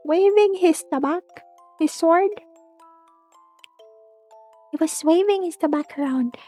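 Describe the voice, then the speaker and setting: Woman, high voice, slow rambling storytelling, faint background music. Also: dark tone. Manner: rambling, with many restarts and giggles. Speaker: streamer. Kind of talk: casual spooky storytelling.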